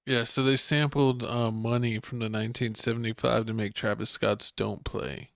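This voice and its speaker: A man's voice: mid-range voice, flat delivery, normal speed, creaky, fairly bright tone, no echo, studio quality. A man co-hosting a casual podcast, teasing his co-host and laughing often.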